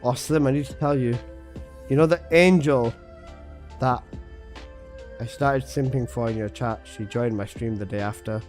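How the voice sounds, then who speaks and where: A man's voice: medium pitch, moderate pace, long pauses, darkish tone, soft background music. A young man chatting casually on a game stream, joking crudely and laughing at his own lines. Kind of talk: casual live-stream chat.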